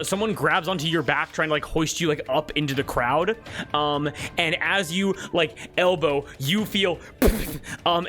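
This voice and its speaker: Man game master, bright tone, slightly high, faint music underneath; halting, filler-heavy narration. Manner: hesitant, many fillers and restarts.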